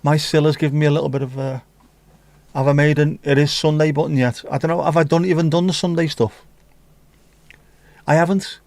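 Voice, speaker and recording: A man's voice: a little high, fairly even intonation, fairly quick, long pauses, darkish tone, no echo. A man hosting a casual livestream, rambling and joking as he reads comments. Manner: jokey, rambling, sings snatches of songs. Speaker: livestream host. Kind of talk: casual chat reading viewer comments.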